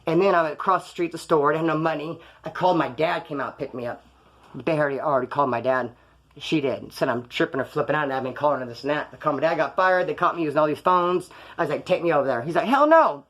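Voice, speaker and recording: Talking quickly in a high-ish, fairly bright voice, a Californian storyteller recounts crazy episodes from his past. He's loose, slangy and foul-mouthed, and he does the voices of everyone he quotes.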